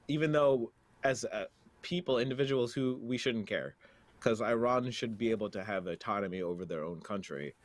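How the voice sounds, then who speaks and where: A man co-hosting a casual news podcast, reading stories aloud with halting fillers. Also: on the low side, no room sound. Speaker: podcast co-host.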